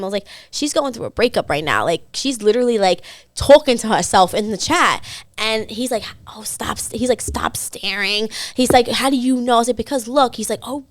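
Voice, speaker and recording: A young woman tells a lively dating story, switching voices for each person in it. Her voice sits a little high. The sound is dry and close. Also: no echo. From Staten Island, New York. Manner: animated, acts out the people in her story with quick voice shifts. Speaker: podcast co-host telling a dating story. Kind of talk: casual storytime chat.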